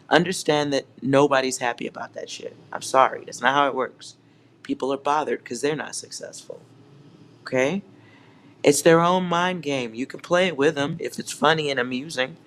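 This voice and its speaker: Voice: medium pitch, normal speed, fairly bright tone, slight background noise. A tarot reader giving a collective reading at home, speaking straight to viewers in a teasing, sarcastic way and laughing often.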